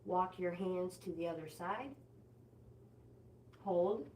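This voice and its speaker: A woman's voice: on the low side, slow, darkish tone, a little hiss or hum. An older woman leading a live-streamed walking workout, giving friendly exercise cues and greeting viewers by name. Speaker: fitness instructor and livestream host.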